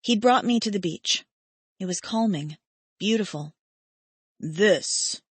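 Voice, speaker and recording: A woman narrating a romance audiobook in first person, gentle and wistful. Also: medium pitch, lively intonation, moderate pace, breathy edge, dry recording. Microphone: studio mic.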